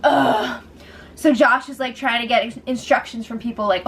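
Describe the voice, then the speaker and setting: A high-voiced woman running through a casual reality show recap. She talks with a sarcastic edge, laughs often and mocks the people she quotes. Faint noise sits under her voice. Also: steady tone, brisk.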